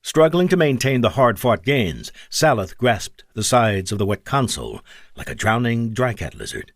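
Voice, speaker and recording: This audiobook narration comes from a man who alters his pitch and speed to voice each character in the script. He sounds highly animated at a normal pace, with studio-quality audio and no room sound.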